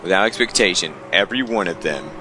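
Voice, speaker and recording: A man's voice: low voice, expressive, fast talker, noisy background. A young man reading a visual novel aloud, stumbling over lines and breaking off for wry asides. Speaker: let's player.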